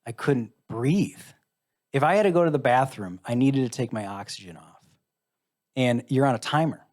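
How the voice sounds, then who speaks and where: Middle-aged guy telling his story on stage, candid, wry, acts out the voices, mid-pitched. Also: expressive, moderate pace, a little mellow. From United States. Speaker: interview guest, musician. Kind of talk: storytelling in a live interview.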